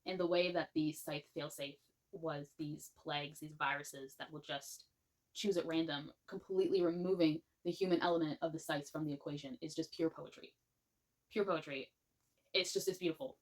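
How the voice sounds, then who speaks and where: A woman talks through a book review in a gushing, animated way. Her voice sits a little low, and she rambles and restarts her sentences as she goes. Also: normal speed. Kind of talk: casual spoken book review.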